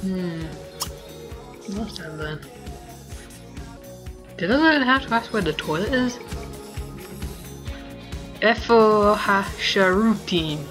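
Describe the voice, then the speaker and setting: A young woman giving casual gameplay commentary, rambling and giggly as she thinks aloud with many pauses. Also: mid-range voice, lively intonation, over music. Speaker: let's play host.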